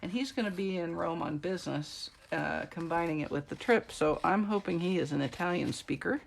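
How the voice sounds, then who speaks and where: A woman's voice: on the low side, a little fast, vocal fry, a little hiss or hum. A middle-aged woman chatting and joking with viewers while she shows how to make a card. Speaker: card-making demonstrator. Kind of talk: live-streamed craft tutorial chat.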